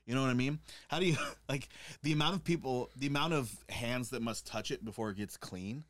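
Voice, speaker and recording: A man's voice: medium pitch, brisk, a bit bright. A young man co-hosting a podcast in casual chat, joking and swearing, breaking into silly voices. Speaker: podcast co-host.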